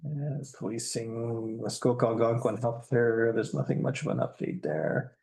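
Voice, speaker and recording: A man's voice: mid-range voice, moderate pace, gravelly, a little mellow. A man chairing a township council meeting, reading through agenda items in a casual, plainspoken way with dry asides. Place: council chamber.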